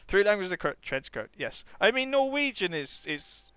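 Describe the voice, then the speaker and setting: A man's voice: sits high, sing-song, brisk, few pauses, a bit bright, smooth, no room sound. A man, a game streamer who also teaches English, chatting casually and wryly while playing and thinking aloud to his viewers.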